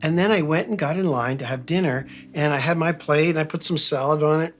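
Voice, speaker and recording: A man's voice: on the high side, fairly quick, soft background music. A man from Philadelphia giving an earnest motivational talk, telling a personal story and stressing his key phrases. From Philadelphia, United States. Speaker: speaker.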